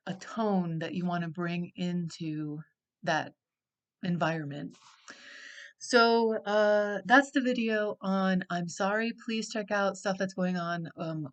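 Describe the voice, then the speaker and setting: A middle-aged woman and life coach giving an unscripted teaching talk, speaking slowly and reflectively with frequent pauses and fillers. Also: on the low side.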